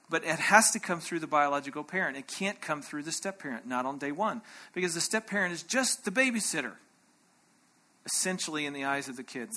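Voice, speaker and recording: A man's voice: on the high side, bright, forceful tone. A man teaching a conference breakout session in an emphatic way. He keeps checking in with his listeners and acts out short quoted voices. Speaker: workshop speaker.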